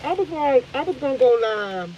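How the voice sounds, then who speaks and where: A woman's voice: high voice, expressive, moderate pace, lo-fi sound, slight background noise. A tired woman host on a casual live stream, venting with emphatic repetition and swearing.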